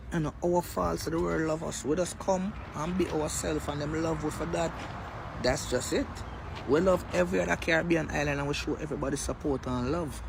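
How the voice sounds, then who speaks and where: Gravelly man on a noisy street. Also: a little high. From Jamaica. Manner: exasperated, questioning. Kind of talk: casual social media rant. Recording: loud street and vehicle noise.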